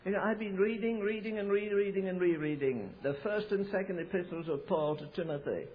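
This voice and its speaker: A man from America preaching a sermon, telling stories with emphasis and frequent restarts. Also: brisk. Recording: tinny, phone-like low-fidelity recording.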